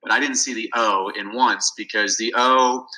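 A man who is a guest on a podcast, telling stories in an animated, enthusiastic way. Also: lowish voice, normal speed, low-quality recording. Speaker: guest, reading advocate. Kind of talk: storytelling interview talk.

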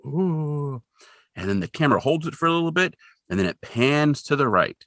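A man co-hosting a podcast in casual chat, retelling a cartoon episode in an animated way and jumping into voices for the characters. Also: fast talker, dry recording, studio quality. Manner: animated storyteller, jumps into high voices for quoted characters.

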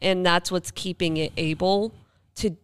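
A woman's voice: lowish voice, fairly even intonation, unhurried, clean tone. A woman co-hosting a paranormal podcast, explaining ideas in casual chat. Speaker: podcast co-host.

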